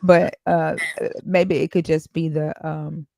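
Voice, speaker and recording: A woman with a low voice and a strong gravelly fry, recorded close and dry. She asks probing questions and thinks them through aloud in a relaxed, curious way. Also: unhurried, dry recording. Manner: inquisitive, asks pointed questions and reasons them out. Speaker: podcast co-host discussing the Bible. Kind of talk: casual chat.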